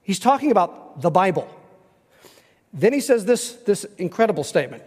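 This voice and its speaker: A man preaching a sermon as a pastor, emphatic and conversational, slowing down to read scripture aloud. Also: high voice, sing-song, darkish tone, husky. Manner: emphatic, conversational, slows down when reading scripture. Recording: reverberant hall.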